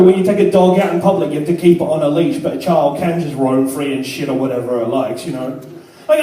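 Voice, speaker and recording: A man's voice: high voice, mellow. A young man performing a crude, self-deprecating stand-up comedy set in a club. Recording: echoey club from far off. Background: laughing crowd.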